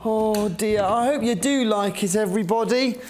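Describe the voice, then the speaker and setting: A woman's voice: medium pitch, normal speed, soft background music, close to an everyday voice. A woman playing a nervous, fussy puppet storyteller in a children's puppet show, fretting aloud and reading the story out. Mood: fretful. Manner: frets aloud, then reads the story warmly.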